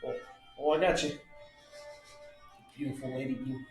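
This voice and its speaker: A man's voice: medium pitch, steady tone, normal speed. A man playing a tabletop game, hesitant and stumbling as he asks about rolls and prices. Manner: hesitant, stumbling over questions. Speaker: player. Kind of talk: casual tabletop game chat. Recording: echoey room with clear music.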